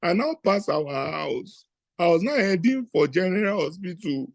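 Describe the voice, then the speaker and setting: A man with a Nigerian accent doing stand-up storytelling on stage, animated and acting out the people in his tale. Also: sits high, moderate pace, gravelly, dry recording. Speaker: comedian. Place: stage at a live event.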